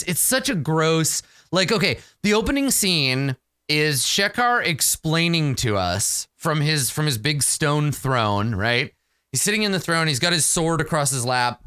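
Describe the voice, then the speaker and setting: A man's voice: fairly high pitch, sharp tone, smooth, no echo, studio quality. A man casually narrating a solo tabletop game in a self-mocking way.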